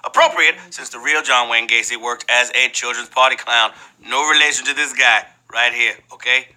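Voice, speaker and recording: A man's voice: medium pitch, normal speed, bright, forceful tone, poor audio. A man hosting a live trivia game show, playful and joking between questions and exclaiming often.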